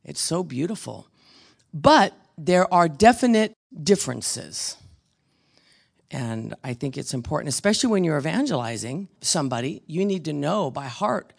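Woman teaching a bible class, gravelly voice, rambly and chatty, lots of restarts. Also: low voice, big pitch swings, normal speed. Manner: chatty storytelling with frequent restarts. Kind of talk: casual Bible study teaching.

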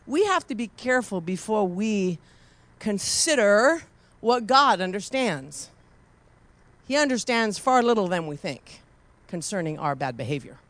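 Slow gravelly lady preacher, story sermon, quiet then fired up praising. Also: on the low side. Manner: slow, swings from hushed storytelling to loud impassioned praise.

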